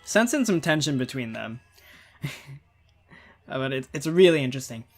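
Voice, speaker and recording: This man in his twenties makes gaming videos and talks his way through a game in loose, rambling let's-play style, full of chatter and frequent laughs. His pitch sits in the middle but swings widely, and he keeps a moderate pace over faint background music.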